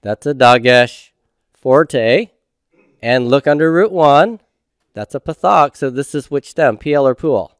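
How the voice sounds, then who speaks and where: A man's voice: mid-range voice, animated, a little slow, smooth, dry recording, clean studio sound. A man teaching a homework review lecture, patiently asking questions and answering them himself. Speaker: Hebrew instructor.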